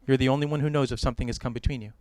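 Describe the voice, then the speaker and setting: A middle-aged American man officiating a wedding, giving joking, gentle advice to the couple. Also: mid-range voice, steady tone, very fast, clean tone. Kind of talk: wedding ceremony address. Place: outdoor or hall wedding ceremony.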